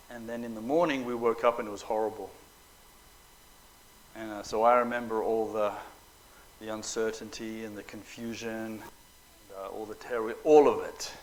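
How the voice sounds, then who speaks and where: A middle-aged man telling personal stories to an audience at a Bible school, animated and joking, acting out the quotes. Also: lowish voice, a little hiss or hum, rough recording. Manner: animated storyteller, acts out quotes, joking asides. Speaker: preacher. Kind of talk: storytelling talk to an audience.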